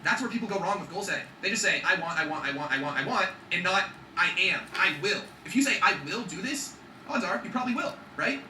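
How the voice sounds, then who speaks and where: Fast-talking, bright-voiced motivational man. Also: high voice, lively intonation, echoey room, recorded from a distance, slight background noise, low-quality recording. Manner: emphatic, swears freely, keeps checking in with "okay?". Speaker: vlogger. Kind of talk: motivational vlog talk.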